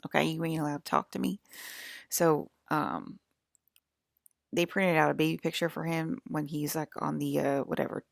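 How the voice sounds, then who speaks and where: Gravelly low-voiced woman ranting on a stream. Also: no room sound, clean studio sound. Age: 40s. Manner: angry, profane, scolding her viewers; rambling with frequent restarts. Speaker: livestream channel host. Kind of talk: rambling spiritual livestream monologue.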